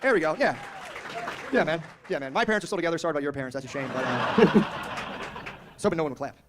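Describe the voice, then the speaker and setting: A man's voice: a little high, animated, fast, very noisy. A man in his thirties doing a stand-up comedy set on a club stage. He is brash and profane, riffs with the crowd and acts out characters.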